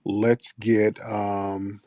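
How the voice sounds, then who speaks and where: A man's voice: lowish voice, little pitch movement, drawn-out words, darkish tone, no room sound, studio quality. A man hosting an online audio show, chatting loosely and playfully with plenty of swearing. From United States. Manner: loose, profane, playful banter. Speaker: host. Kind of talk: casual chat.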